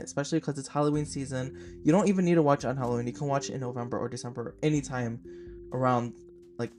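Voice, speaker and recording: A young man in his twenties hosts a laid-back podcast and enthuses about a favorite film. His voice sits at a middle pitch, and his talk is loose and filler-heavy. Soft guitar music plays faintly behind him. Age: 20s. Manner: chatty and gushing, with frequent "like" fillers. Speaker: podcast host. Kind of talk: casual film review podcast.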